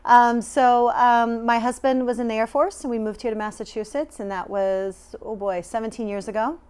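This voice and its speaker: A woman from California who manages a farmers' market, talking casually in an interview with a quick, bubbly manner and lots of "um". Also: a little high, fairly even intonation, a little mellow, clear, resonant tone.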